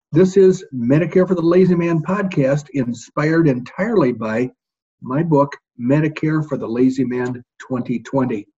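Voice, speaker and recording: A man hosting a podcast in casual chat, folksy and rambling, joking along with filler pauses. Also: medium pitch, warm tone, husky, dull audio. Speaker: podcast host.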